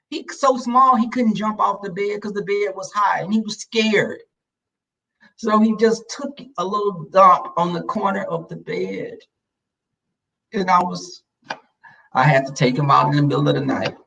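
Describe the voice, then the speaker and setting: A man's voice: a little high, gravelly, fairly bright tone, far from the mic, low-quality recording. A man hosting a casual livestream, chatting and telling stories straight to his viewers. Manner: chatty storyteller addressing viewers. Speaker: livestream host.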